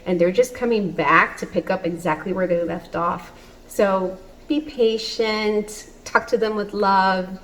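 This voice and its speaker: A woman's voice: on the high side, rough recording. A woman in her thirties chatting in a casual home vlog from her kitchen, upbeat and laughing often. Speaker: vlogger.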